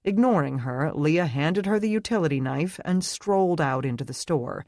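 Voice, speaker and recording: An audiobook narrator reading a romance fantasy in an expressive, measured way. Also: medium pitch, no echo, clean studio sound. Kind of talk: scripted narration.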